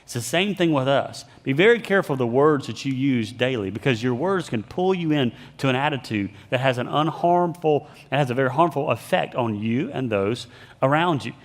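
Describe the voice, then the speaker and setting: A man's voice: mid-range voice, big-room sound. A man giving a motivational leadership talk that mixes in scripture, telling stories and acting out the people he quotes. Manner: animated storyteller, acts out quoted voices. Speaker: leadership speaker.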